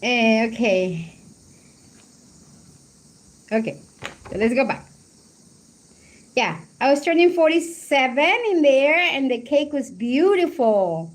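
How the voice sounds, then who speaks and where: A woman in her forties from Colombia with a high voice talks slowly as she hosts a live stream. She chats casually, laughs often and reminisces, reading comments from her chat between stories. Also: sing-song. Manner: chatty, laughs often, reminiscing over photos. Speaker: livestream host.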